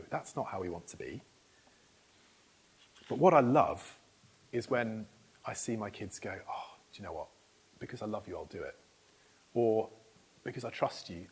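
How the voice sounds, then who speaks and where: A man's voice: medium pitch, husky. A middle-aged man preaching a conversational sermon, putting questions to the congregation and often restarting his phrases. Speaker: pastor. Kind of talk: interactive sermon. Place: church hall.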